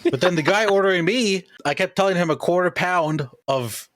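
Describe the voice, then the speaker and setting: A man co-hosting a podcast with a middle-pitched, even voice that sounds dry and close on the mic. He talks in a blunt, teasing way. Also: moderate pace, dry recording. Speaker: podcast co-host. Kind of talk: casual chat.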